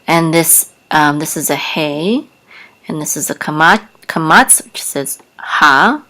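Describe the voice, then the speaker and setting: A woman's voice: deep voice, measured pace, a bit bright. A woman teaching a language lesson, patiently spelling out sounds letter by letter. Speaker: Hebrew teacher. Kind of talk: slow spoken lesson.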